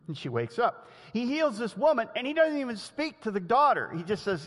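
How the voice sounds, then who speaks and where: A man preaching a sermon in a lively, conversational way, often laughing and acting out the quotes he tells. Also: high-pitched, moderate pace. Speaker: pastor. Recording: long hall reverb.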